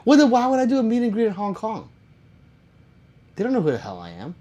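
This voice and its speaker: Male streamer, casual chat, reads out comments, jokey and profane, fairly high voice, very lively pitch. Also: moderate pace, long pauses. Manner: reads viewer comments aloud, joking and swearing. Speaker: live streamer.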